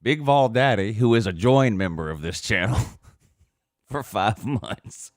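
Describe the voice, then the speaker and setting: Man, very deep voice, dry close sound, mocking host reading comments, laughs a lot. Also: unhurried, no echo. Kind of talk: casual chat.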